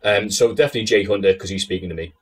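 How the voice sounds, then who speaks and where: A man's voice: on the low side, racing. Laughing, sardonic man in casual chat. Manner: sardonic, swearing, laughing often. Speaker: interview guest.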